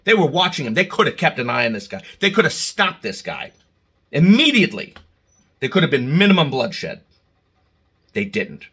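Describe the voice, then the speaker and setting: A man delivers a heated, emotional monologue to his viewers, stumbling over restarts and jumping into loud outbursts. His voice is bright and forceful, with a husky edge to it. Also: medium pitch, very animated, moderate pace. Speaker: channel host. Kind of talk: opinion monologue to camera.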